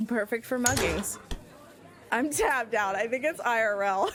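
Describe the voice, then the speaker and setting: High animated laughing woman streamer. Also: a little slow, noisy background. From United States. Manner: laughs constantly, animated, swears. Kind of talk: live gameplay commentary.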